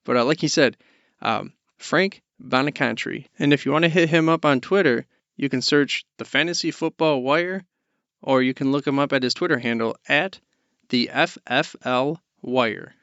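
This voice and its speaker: Podcast host with a dull, dry sound. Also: male voice, mid-range voice, moderate pace, a bit bright, no room sound. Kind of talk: casual commentary.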